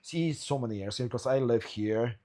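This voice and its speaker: A man's voice: mid-range voice, normal speed, mellow. A man from Poland with a Polish accent mixed with Belfast, a native Polish speaker, hosting a podcast and telling stories with jokes and swearing. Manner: swearing, joking, storytelling. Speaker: podcast host. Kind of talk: casual interview chat.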